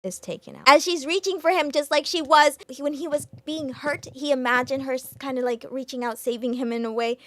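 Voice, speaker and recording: A woman hosting a reaction video, talking emotionally and stumbling over her words as she gets excited. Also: sits high, fairly quick, few pauses, no echo.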